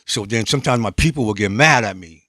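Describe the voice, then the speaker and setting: A man from New England, a podcast guest telling street stories in a lively, streetwise way and acting out other people's lines. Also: fairly low pitch, fast, dry recording, clean studio sound. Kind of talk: storytelling in casual conversation.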